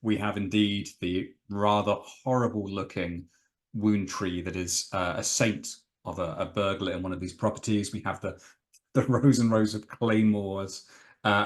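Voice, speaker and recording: Sex: man. Role: game master. Style: tabletop narration. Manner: animated, relishing. Pitch: low.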